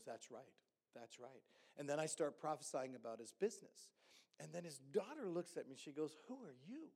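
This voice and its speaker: A man, a pastor, telling a story in a sermon and acting out the dialogue with lively energy. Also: medium pitch. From Hamilton.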